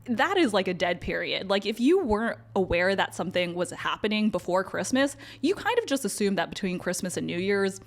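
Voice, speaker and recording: Female lawyer podcast co-host, mid-range voice; brisk, dry, chatty explainer. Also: mid-range voice, sing-song. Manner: brisk and wry, explaining legal news. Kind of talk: casual chat.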